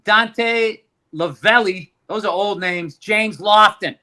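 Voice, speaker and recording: Bright sharp-voiced guy joking around, swearing, podcast co-host. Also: high-pitched, slow. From United States. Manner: joking, heated ranting, swearing. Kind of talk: casual chat.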